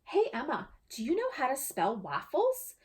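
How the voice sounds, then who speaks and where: A woman's voice: high voice, wildly swooping pitch, moderate pace. A woman voicing a nervous, unsure young schoolboy in a storybook reading.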